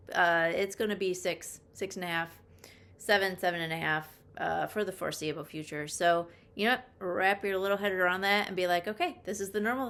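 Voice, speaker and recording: A woman's voice: lowish voice, a bit bright. A woman realtor talking casually to camera, chatty and emphatic, repeating key points for stress and dropping self-deprecating asides. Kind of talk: casual talking-head vlog.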